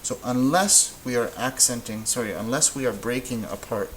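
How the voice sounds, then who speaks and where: A man's voice: mid-range voice, normal speed, slight background noise, rough recording. A man teaching a lesson at a whiteboard, explaining step by step in a patient way and stopping to correct himself. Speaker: Spanish teacher.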